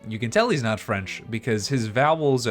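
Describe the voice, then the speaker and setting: A man's voice: mid-range voice, lively intonation, normal speed, faint music behind. A male streamer chatting casually and rambling through game commentary, often laughing at himself. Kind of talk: casual let's-play commentary.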